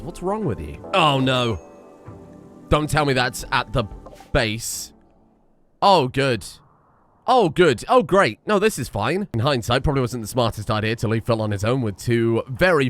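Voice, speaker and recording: Lively excitable man narrating gameplay. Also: medium pitch. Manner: lively, excitable, laughs often, talks to game characters. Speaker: gaming video creator. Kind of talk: casual gameplay commentary.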